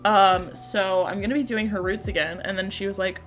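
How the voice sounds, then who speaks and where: A woman's voice: mid-range voice, steady tone, moderate pace, fairly bright tone, faint music behind. A young woman streaming, chatting casually and giggly with her viewers. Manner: giggly, chatty, bursts into shrieking laughter.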